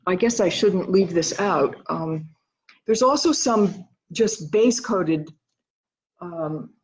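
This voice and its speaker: A woman's voice: on the low side, expressive, roomy sound, low-quality recording. A woman from the United States, a painter, chatting casually in her studio while thinking aloud, a little out of breath, recorded on a laptop. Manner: thinking aloud, rambling and halting. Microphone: laptop microphone.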